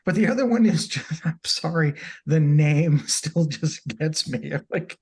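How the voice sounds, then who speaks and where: A man co-hosting a casual podcast with a lively voice that rises and falls a lot. He is wry and jokes at his own expense, with plenty of swearing. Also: on the high side, measured pace, breathy edge. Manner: wry, joking, self-deprecating. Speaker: podcast co-host. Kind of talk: casual chat.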